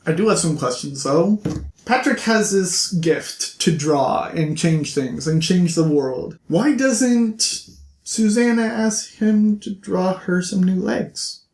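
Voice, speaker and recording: A man vlogger retelling a novel's plot in a casual, animated way, with playful asides to his viewers. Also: high voice, takes it slowly. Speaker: book vlogger. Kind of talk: casual book recap. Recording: roomy echo.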